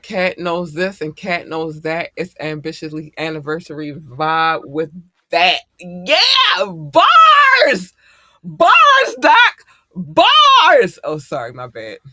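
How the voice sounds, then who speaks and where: A man hosting a podcast in casual chat, talking in an excitable, slangy and heartfelt way. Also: on the high side, unhurried, dry recording, clean studio sound. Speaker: podcast host.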